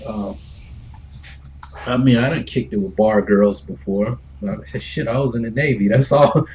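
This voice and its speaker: A man's voice: on the low side, a little slow, darkish tone, dull audio. Laid-back male streamer telling stories. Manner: loose, laid-back, swears freely, chuckles between lines. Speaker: gaming streamer. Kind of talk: casual storytelling while streaming.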